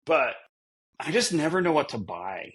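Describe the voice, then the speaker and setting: With a slightly high, somewhat rough and fairly bright voice that swings widely in pitch at a normal speed, he co-hosts a podcast. He rambles through casual conversation, laughs a lot, and is quick to mock himself.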